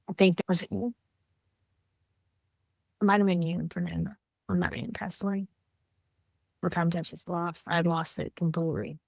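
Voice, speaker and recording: A woman co-hosting a podcast, talking candidly in casual heartfelt chat, animated when she quotes others. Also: lowish voice, no echo, clean studio sound. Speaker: podcast co-host.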